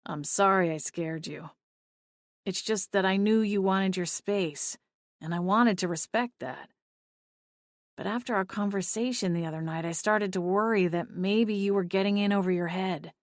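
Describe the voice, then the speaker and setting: Woman doing a sheepish, gentle young man. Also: medium pitch, normal speed, no room sound, studio quality, natural voice.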